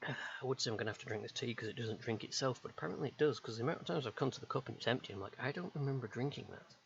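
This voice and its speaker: A man's voice: mid-range voice, rapid-fire, creaky, fairly bright tone. A man from the United Kingdom streaming live, chatting casually while he draws. He rambles and hesitates with many ums. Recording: dull lo-fi stream mic with faint hiss.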